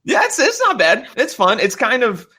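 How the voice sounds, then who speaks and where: A young man talks in an easygoing podcast chat with a bright, forward voice. He has no regional accent, keeps the mood upbeat, laughs a lot and swears without a second thought. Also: extremely high pitch, wildly swooping pitch, moderate pace, breathy edge. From Kentucky, USA. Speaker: podcast guest, paranormal YouTuber.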